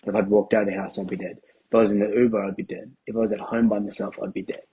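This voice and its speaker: A man, a podcast guest telling a candid personal story in a casual, halting way with restarts and swearing. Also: lowish voice, little pitch movement, dark tone, breathy edge, poor audio. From Australia.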